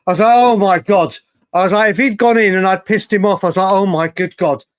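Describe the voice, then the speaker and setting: A man co-hosting a podcast, telling stories in an animated, rambling casual chat with many restarts. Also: high-pitched, a little fast, dry recording. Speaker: podcast co-host.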